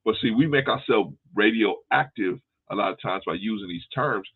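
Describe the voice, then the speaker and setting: A man's voice: fairly low pitch, moderate pace, husky. A man hosting a casual discussion, explaining his points at length with everyday analogies and frequent restarts. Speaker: host. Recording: tinny phone line.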